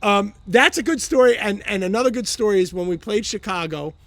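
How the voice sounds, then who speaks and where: A man's voice: high-pitched, fairly quick, fairly bright tone, no echo. A middle-aged man in a band, hosting a loose live Q&A, telling tour stories with lots of swearing. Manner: laid-back, swears freely, laughs through stories. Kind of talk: casual chat.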